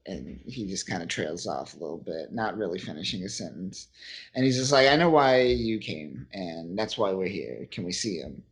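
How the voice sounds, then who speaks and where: A man's voice: fairly low pitch, animated, moderate pace, slightly rough. A man co-hosting a podcast, casually recapping a comic in a rambling, profane way and quoting the characters as he goes. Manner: rambling, profane, recaps scenes with quoted voices. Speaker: podcast co-host. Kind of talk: casual comic book chat.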